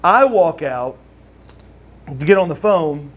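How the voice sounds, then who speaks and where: A man from Oklahoma telling a casual story as a guest, animated and acting out what others said. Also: a little high, slow. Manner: animated storyteller who acts out the voices of others. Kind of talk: casual anecdote.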